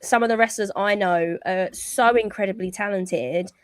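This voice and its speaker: A woman's voice: mid-range voice, moderate pace, clean tone, dry recording, studio quality. A woman with a British accent, a wrestler guest chatting casually in an interview and laughing easily. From United Kingdom.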